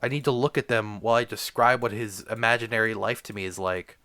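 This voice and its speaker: A man's voice: on the low side, steady tone, fast talker, bright, forceful tone. A young man delivering a crude, rambling comedy rant packed with swearing and filler words. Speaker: comedic ranter.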